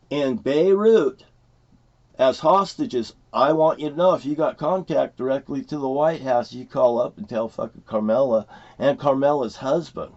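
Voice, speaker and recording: A man's voice: mid-range voice, darkish tone. A middle-aged man in a heated, rambling, profane rant at his home, repeating his points. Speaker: vlogger. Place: at his home property by a motorhome. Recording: dull lo-fi recording.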